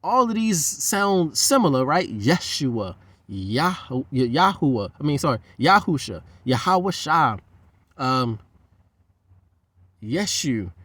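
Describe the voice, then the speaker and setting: A man's voice: on the high side, sing-song, slow pace, fairly bright tone, dry recording. A man talking in a loose, profane, rambling monologue. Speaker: host.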